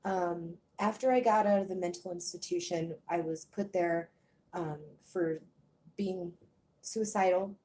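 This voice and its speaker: A woman born in Germany, speaking hesitantly with many pauses in a personal confessional vlog, a little out of breath. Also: on the low side, steady tone, dark tone, a little hiss or hum. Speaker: vlogger.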